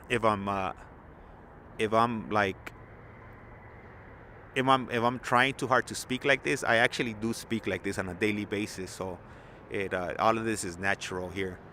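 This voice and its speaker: A man's voice: lowish voice, pushed and bright. A man, rambling in casual, slangy live-stream chat from outdoors at an airport, on a phone. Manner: laid-back, rambling, slangy. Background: traffic and vehicle noise.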